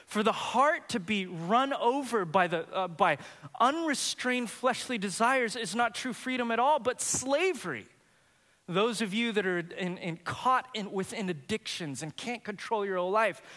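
Male pastor, emphatic sermon delivery, high bright voice, reverberant hall sound. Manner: emphatic, rising in intensity.

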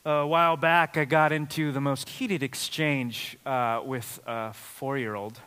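Bright-voiced male pastor in a reverberant hall. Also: mid-range voice, fairly even intonation, unhurried, clear, resonant tone. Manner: conversational, storytelling with frequent fillers. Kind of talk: sermon.

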